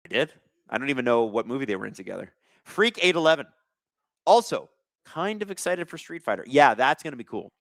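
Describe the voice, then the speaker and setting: Animated young-sounding male stream host. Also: mid-range voice, fairly quick, gravelly, no room sound. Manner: chatty, thanks viewers, calls plays. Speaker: live watch-along host. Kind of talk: casual live-stream hockey commentary.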